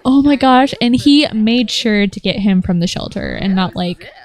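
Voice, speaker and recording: A woman's voice: mid-range voice, normal speed, a little mellow. A young woman giving casual, gushing commentary over a life-simulation game, laughing often. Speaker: Sims gameplay commentator.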